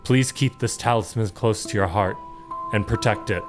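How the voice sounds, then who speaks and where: A man voicing a wise elder woman who leads her people, speaking in a grave, measured way. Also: fairly low pitch, music in the background, natural voice. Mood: solemn.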